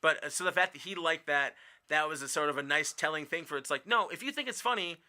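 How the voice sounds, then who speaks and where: A man from Wisconsin, a stand-up comedian, tells a story in casual interview chat. His voice is somewhat high and very bright, and he talks fast. He rambles, restarts often and slips into voices when he quotes people. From Wisconsin, USA.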